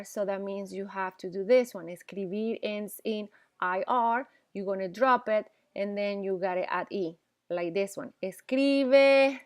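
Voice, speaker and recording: A woman teaching Spanish, explaining grammar patiently, repeating examples and often checking in with "okay?". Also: mid-range voice. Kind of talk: classroom grammar lesson.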